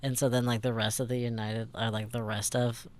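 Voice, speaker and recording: A man's voice: medium pitch, flat delivery, a little fast. Rambling young man. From St. Louis, Missouri. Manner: rambling, swears often, many fillers. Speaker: podcast co-host. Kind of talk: casual chat.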